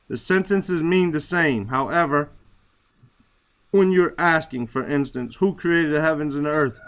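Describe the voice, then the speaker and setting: A man's voice: a little high, a little slow, fairly bright tone. A man teaching a class, talking casually and searching for words, often checking with "right?". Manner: searching for words, many fillers; repeats "right?" to check understanding. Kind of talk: classroom explanation.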